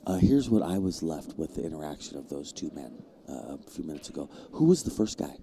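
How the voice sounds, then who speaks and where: Low gravelly man commentating pool. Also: brisk, slight background noise. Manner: jokey, self-mocking, jumps to high excited bursts. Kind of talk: live stream commentary.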